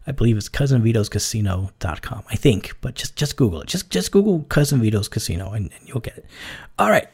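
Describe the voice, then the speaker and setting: A man's voice: fairly low pitch, sing-song, fast, darkish tone, slightly rough. A man hosting his own podcast, talking off the cuff in a rambling way and swearing freely. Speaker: podcast host. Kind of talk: casual solo podcast outro.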